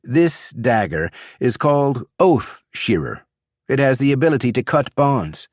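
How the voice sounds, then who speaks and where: A man doing a cool, steady young warrior. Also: mid-range voice, measured pace, no echo, clean studio sound, pitched above the performer's own voice. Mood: firm, calm.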